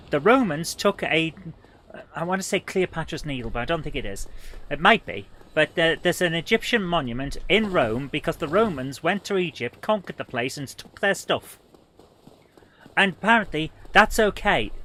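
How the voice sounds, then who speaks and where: A man hosts a live stream of a retro game, joking with his chat and reacting aloud to what happens on screen. His voice sits a little high and sounds bright and forceful. A faint hiss runs under the recording. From Britain. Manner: chatty and joking, laughs often, reacts loudly to gameplay.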